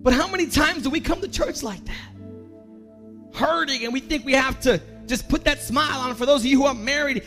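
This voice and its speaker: High, bright-voiced emotional preacher man. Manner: emotional, builds to a shouting climax with repeated lines. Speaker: pastor. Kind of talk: sermon.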